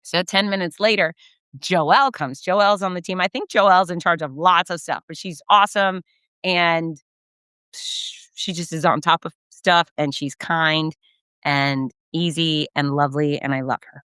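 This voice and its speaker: A middle-aged woman, a race announcer, telling effusive, animated stories in a casual recap and acting out the quotes. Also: low-pitched, moderate pace, clear, resonant tone, no room sound. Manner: effusive, animated storyteller who acts out quotes. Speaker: race announcer and podcast host.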